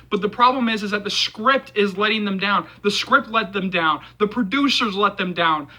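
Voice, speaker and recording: A man's voice: high voice, sharp tone, low-quality recording. A man hosting a movie channel, talking passionately in casual video commentary, with lots of fillers and repetition.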